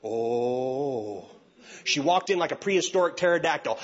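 A man, a youth pastor and speaker, telling a funny story in an animated way and acting out each person's voice. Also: fairly high pitch, brisk, very noisy. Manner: animated, acts out every voice. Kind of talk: comic storytelling talk. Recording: dull lo-fi recording.

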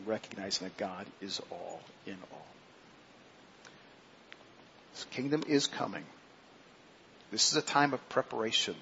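A man preaching a sermon with earnest emphasis, slowing and rising on scripture quotes. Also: medium pitch, sharp tone. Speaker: pastor. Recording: dull lo-fi sermon recording with faint noise.

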